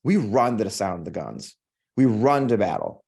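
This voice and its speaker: An American man hosts his own show and delivers a heated, profane monologue. His pitch swings widely as he drives his points home, stacking short repeated lines like a rally speech. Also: huge pitch swings, normal speed, creaky, a little mellow, breathy edge. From United States. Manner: heated, swears often, repeats himself for emphasis; emphatic, preacherly build-ups. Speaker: podcast host. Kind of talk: impassioned political monologue.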